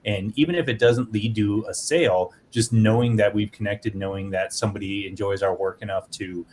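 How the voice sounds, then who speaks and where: A man's voice: on the low side, steady tone, a little fast, darkish tone, slight background noise. A man who is a guest and indie comic creator, talking earnestly in a casual podcast chat, rambling with many fillers.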